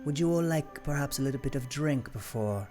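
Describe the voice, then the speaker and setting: A man voicing an old, scarred male cheetah-folk traveler with a put-on French accent, speaking softly and graciously in a tabletop game. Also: mid-range voice, animated, faint music behind, close to an everyday voice. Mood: courteous. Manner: soft, slow, gracious. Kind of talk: tabletop game role-play.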